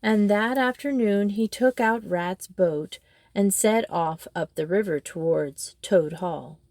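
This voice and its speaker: A woman reading a children's storybook aloud in a steady, expressive way. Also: medium pitch, slow pace, no echo, clean studio sound. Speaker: storybook reader. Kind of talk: storybook narration.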